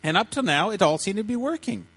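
A man preaching to children, retelling a story in an animated way and often repeating his words as he acts out quotes. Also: high voice, quick pace, breathy edge. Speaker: pastor speaking to children.

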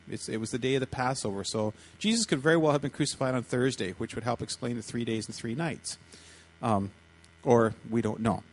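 Animated man telling a sermon story. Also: medium pitch. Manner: animated, repeats words, acts out quotes. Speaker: pastor speaking to children.

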